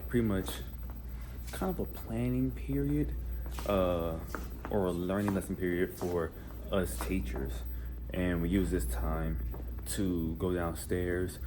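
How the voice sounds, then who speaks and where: A man who is a schoolteacher talks casually to the camera at school, relaxed and rambling with plenty of fillers. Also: low-pitched, noisy background. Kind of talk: casual vlog talk to camera. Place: school building, indoors. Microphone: handheld camera. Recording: music playing under the voice. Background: background music.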